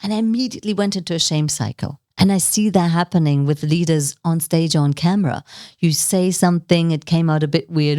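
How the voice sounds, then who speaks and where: A woman leadership communication coach teaching to camera in an animated, playful way. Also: low voice, brisk, no echo, clean studio sound. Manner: animated and expressive, playful asides with laughs. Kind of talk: direct-to-camera teaching talk.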